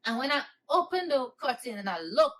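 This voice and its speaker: A woman's voice: high voice, big pitch swings, a little fast, a bit bright, slight background noise, poor audio. A woman telling a painful childhood memory in an earnest, emotional storytime monologue. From New York. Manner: earnest, emotional retelling with rising, pleading cries.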